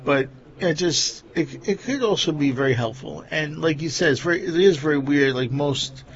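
On a lo-fi recording, a slightly high-voiced man talks at normal speed with a Long Island accent as he hosts a laid-back chat. His talk wanders, full of "like" and "you know."

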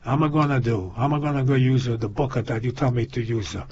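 A man voicing a fretful older immigrant father with a foreign accent and broken, pleading speech, husky in a lo-fi muffled recording. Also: medium pitch, brisk, darkish tone. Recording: lo-fi muffled audio.

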